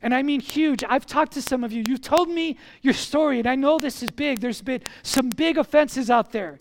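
A pastor preaching a sermon in an animated way, repeating key phrases for emphasis. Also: high voice, normal speed, a little hiss or hum.

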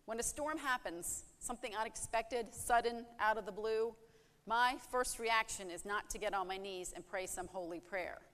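A woman's voice: mid-range voice, normal speed, a bit bright, big-room sound. A woman preaching a sermon in an earnest way, asking rhetorical questions and acting out heartfelt prayers.

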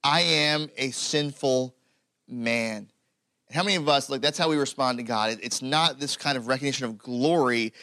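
A man preaching a sermon in a loose, conversational way, full of "like" and "you know", building to emphatic points. His voice is bright and forceful, at a middle pitch for a man. The sound is dry and close. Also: fast, few pauses, no echo. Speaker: pastor.

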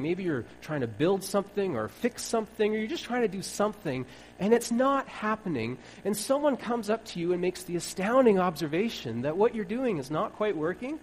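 A male preacher gives a sermon in a wry, easygoing way, slipping into little acted-out bits of dialogue. His voice sits a touch high for a man and swings widely in pitch. A faint hum runs underneath. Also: poor audio. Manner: wry, conversational, acts out dialogue.

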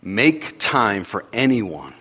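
Guy preaching a sermon, chatty, gets loud then goes real quiet. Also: lowish voice, very animated, slow pace, husky. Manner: conversational, swings from loud urgency to quiet intimacy.

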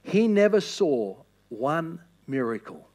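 A man preaching a sermon with impassioned, repeated appeals that swing from loud to hushed. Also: a little high, big pitch swings, slow pace.

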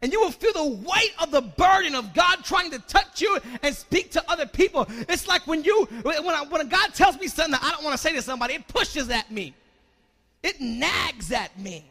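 A man preaching a sermon as pastor, moving from quiet storytelling into loud, rising exhortation. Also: very high voice, lively intonation, normal speed, in a large hall.

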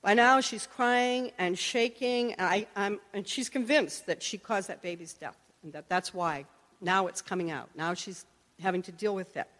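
A woman's voice: medium pitch, normal speed, a bit bright. A woman teaching a sermon, telling earnest personal stories and acting out the voices of the people in them. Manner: earnest storytelling, acts out quoted voices. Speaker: Christian teacher and prayer minister. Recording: long echoey hall reverb.

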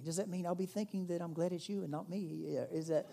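A male pastor preaching a conversational sermon to his church, growing animated when he stresses a point. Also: sits high, fast, vocal fry, few pauses. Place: church in Myrtle Beach.

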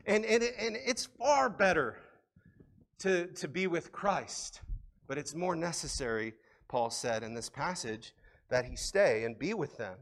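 A man with a fairly high voice delivers a sermon from the pulpit. He talks casually and with animation, repeating and restarting words as he builds his points. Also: measured pace. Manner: conversational, animated preaching with frequent restarts. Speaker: pastor.

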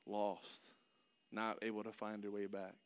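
A middle-aged man preaching a sermon, telling a personal story and swinging between loud excitement and hushed, soft passages. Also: lowish voice, measured pace, clear, resonant tone. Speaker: pastor. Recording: long hall reverb.

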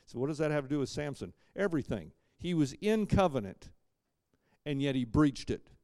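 A man preaching a sermon as pastor, emphatic, swinging between loud punches and quiet asides, with dry joking asides. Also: a little high, big pitch swings, normal speed, dry recording.

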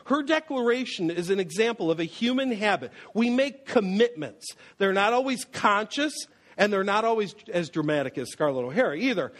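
A man preaching about anger in an animated, storytelling way, weaving in personal memories. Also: sits high. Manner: animated, storytelling, with acted quotes. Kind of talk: sermon on anger with personal stories.

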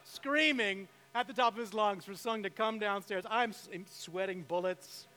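High bright-voiced pastor preaching. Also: male voice, fairly even intonation, normal speed. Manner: storytelling with emphatic rises. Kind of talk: sermon. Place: church sanctuary. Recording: reverberant hall with faint mains hum.

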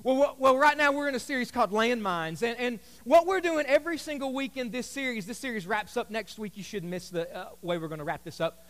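A man with a very high voice preaches to his congregation. He talks in a loose, humorous, storytelling way. His words ring out with the long reverb of a large church hall. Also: a little fast. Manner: conversational, humorous, animated storytelling. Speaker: pastor. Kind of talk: sermon. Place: church sanctuary.

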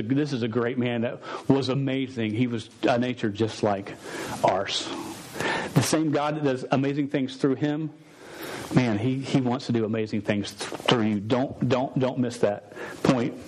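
A man's voice: mid-range voice, darkish tone, slight background noise, rough recording. A man preaching a sermon, casual and sarcastic, often stumbling over words. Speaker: pastor.

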